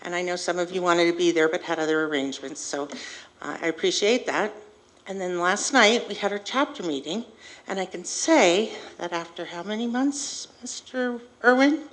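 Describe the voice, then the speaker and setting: A woman's voice: fairly low pitch, moderate pace, poor audio. Woman, union rep, chatty, upbeat, lots of fillers, podium mic. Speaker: employee union chapter representative. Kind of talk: informal board meeting report.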